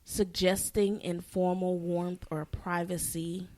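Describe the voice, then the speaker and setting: A woman co-hosting a faith podcast, explaining her points earnestly and quickly, sometimes correcting herself. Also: lowish voice, level tone, a little mellow. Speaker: podcast co-host. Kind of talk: casual faith podcast chat.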